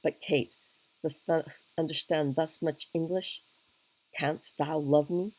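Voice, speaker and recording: Brief: a woman voicing a soldierly young king who woos plainly, low voice, dry close sound. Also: fairly even intonation, takes it slowly, darkish tone, no room sound, rough recording. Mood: earnest. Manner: earnest, plain-spoken wooing. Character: young English king, blunt soldierly wooer. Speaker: teacher reading a play aloud. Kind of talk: dramatic reading of a play.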